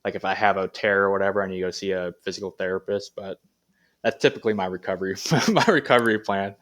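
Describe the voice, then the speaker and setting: A man being interviewed as a Paralympic athlete, talking in a relaxed, rambling way with many fillers. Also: low voice, fast talker. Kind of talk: casual interview chat.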